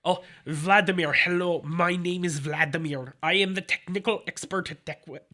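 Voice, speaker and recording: A man voicing a self-styled male Russian hacker expert in a deliberately poor put-on Russian accent, pompous and stilted. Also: high-pitched, fairly even intonation, bright, forceful tone. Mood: mock-formal. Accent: put-on Russian accent, badly done.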